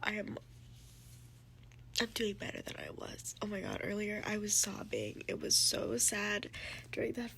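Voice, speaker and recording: A woman's voice: mid-range voice, big pitch swings, a little slow, vocal fry, pauses often, pushed and bright, a little hiss or hum. A young woman in a casual reading vlog, gushing and teary, full of "like" and "oh my god", often dropping to a whisper. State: teary and emotional. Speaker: book vlogger.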